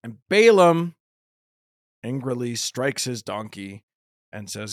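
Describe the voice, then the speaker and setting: Animated man telling a story. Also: medium pitch, slow pace, dry recording, clean studio sound. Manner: animated, joking storyteller with fillers. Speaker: podcast host. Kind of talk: casual bible discussion.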